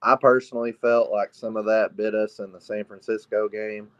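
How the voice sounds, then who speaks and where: A man, calling into a show from a small bathroom at night, speaking quietly and easygoing. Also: lowish voice, level tone, moderate pace, no room sound. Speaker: caller. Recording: dull, lo-fi call audio.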